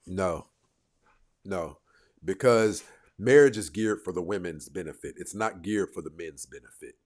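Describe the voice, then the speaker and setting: A man's voice: low voice, measured pace, darkish tone. A man hosting a livestream, casually commenting and reacting to viewers' comments, talking back to the chat with bursts of laughter. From United States.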